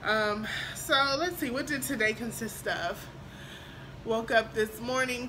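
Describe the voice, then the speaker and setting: A young adult woman chatting in a vlog as a flight attendant, excited and emotional, with lots of fillers. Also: a little high, noisy background. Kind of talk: casual vlog chat.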